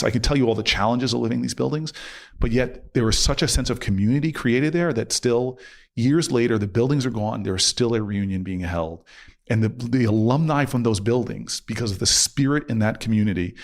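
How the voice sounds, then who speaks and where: A middle-aged man, a guest on an interview show, telling a long personal story in an animated way and acting out what people said. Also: on the low side. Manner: animated, acts out quotes with laughs. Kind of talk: conversational storytelling.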